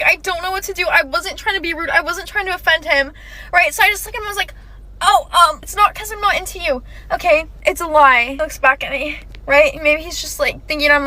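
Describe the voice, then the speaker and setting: A young woman telling a personal story in a casual, animated way, talking fast with lots of "like" and "okay". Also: extremely high pitch.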